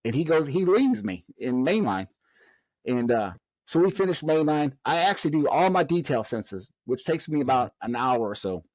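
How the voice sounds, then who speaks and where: At a moderate pace and on the high side, a former prison officer from the American South speaks with no room sound. Being interviewed for a podcast, he delivers a long, animated story and acts out the dialogue of its characters.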